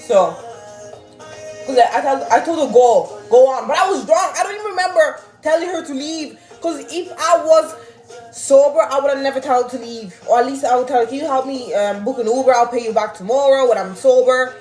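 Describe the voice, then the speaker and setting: A young woman, telling a story casually to her viewers in an animated, swearing manner and laughing often. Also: high voice, brisk. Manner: animated, swearing, laughing, reading chat aloud. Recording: roomy with faint music.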